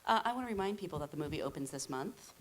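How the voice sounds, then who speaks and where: A woman's voice: deep voice, lively intonation, rapid-fire, slight background noise, rough recording. A woman moderating a panel Q&A, asking direct, upbeat questions.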